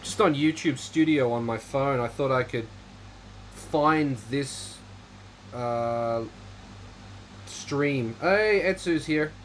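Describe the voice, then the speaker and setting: A man's voice: medium pitch, slow pace, long pauses, slight background noise, poor audio. A man hosting a casual livestream chat, rambling in a dry, offhand way while reading viewer comments. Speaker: livestream host.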